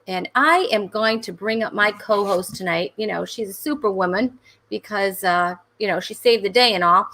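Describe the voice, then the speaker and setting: A woman's voice: mid-range voice, pushed and bright. A woman hosting a comedy talk show over a video call, chatting in a rambling way full of fillers and laughs. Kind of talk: casual livestream chat.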